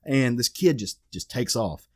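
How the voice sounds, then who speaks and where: Male podcast co-host, mid pitch, animated recapper, dry close mic. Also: unhurried, dry recording. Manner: animated retelling, acts out quoted characters. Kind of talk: casual chat recapping a comic.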